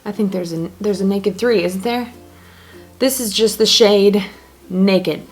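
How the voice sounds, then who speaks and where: A woman's voice: mid-range voice, a little slow, faint music behind. A woman casually talking through her makeup routine step by step, chatty and joking as she goes. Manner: chatty, self-narrating each step; joking asides. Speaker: beauty blogger.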